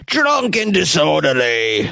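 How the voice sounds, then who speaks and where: A man voicing a stuffy English police inspector, in a put-on English accent and an officious, drawn-out manner. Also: on the high side, wildly swooping pitch, gravelly, bright, forceful tone, dry recording, clean studio sound, voice pushed up, full character voice. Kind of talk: comedic quote reading.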